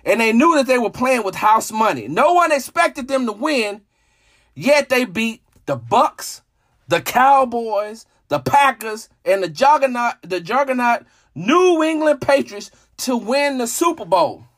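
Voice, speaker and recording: A man hosting a solo sports show, talking in a dramatic, emotional way that jumps between hushed asides and shouting. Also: extremely high pitch, sing-song, unhurried. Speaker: sports podcast host. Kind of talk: animated solo sports commentary.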